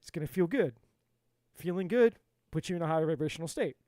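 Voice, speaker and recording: A man's voice: a little high, animated, fairly quick, warm tone, dry recording. A man giving a live-stream tarot reading in an emphatic, repetitive, motivational way. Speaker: tarot reader.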